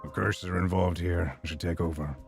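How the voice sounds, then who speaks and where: A man's voice: low voice, fairly even intonation, brisk, gravelly, over music. A man voicing a blunt, wary male police detective in a game read-through. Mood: firm. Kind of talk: voicing game characters aloud.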